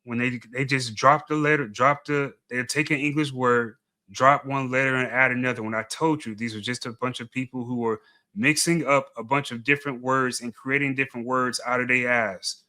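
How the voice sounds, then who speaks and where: A man's voice: mid-range voice, fairly even intonation, normal speed, pushed and bright. A man giving blunt, dismissive commentary, often repeating himself as he argues. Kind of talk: opinionated commentary video.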